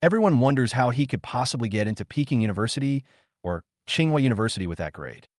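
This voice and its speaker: A man narrating a comic story recap in a steady storytelling manner. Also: medium pitch, quick pace, no room sound, clean studio sound.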